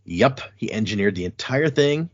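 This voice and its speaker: A man hosting a casual podcast, reading passages from a book aloud and talking them over in a relaxed way. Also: on the low side, normal speed, husky, muffled recording. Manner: relaxed, with fillers and restarts.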